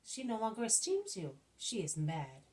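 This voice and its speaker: A woman's voice: medium pitch, wildly swooping pitch, moderate pace, darkish tone, low-quality recording. A woman voicing an eager, nervous male apostle who asks probing, insistent questions. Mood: prying.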